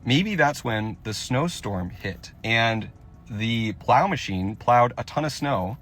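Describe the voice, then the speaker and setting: A rattled man recounts a close call to camera while standing outside a gas station. His speech comes out breathless and rambling, full of restarts, and it stays at a middling pitch. You can tell he is still shaking. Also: lively intonation, slow, fairly bright tone, slight background noise. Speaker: dentist. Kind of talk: shaken first-person account to camera.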